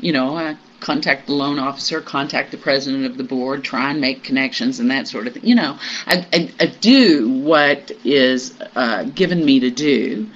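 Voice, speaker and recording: A group member sharing personal news in a meditation group, halting and reflective, with many pauses and fillers. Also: medium pitch, a bit bright. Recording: muffled recording with faint hiss.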